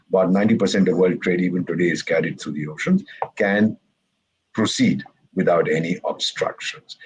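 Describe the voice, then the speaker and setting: On a low-quality recording, a man from India with a low voice and a breathy edge speaks as a retired ambassador on a discussion panel. He tells his stories with wry sarcasm, performing the quotes during lively talk filled with jokes and asides.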